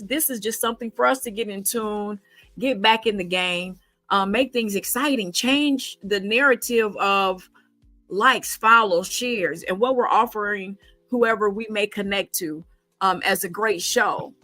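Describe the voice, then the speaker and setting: A middle-aged woman hosts a casual conversation, her voice bright and forceful. She talks emphatically, pressing with rhetorical questions and pausing on frequent ums and restarts. Soft music sits faintly behind her. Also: mid-range voice, dry recording, rough recording. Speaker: podcast host.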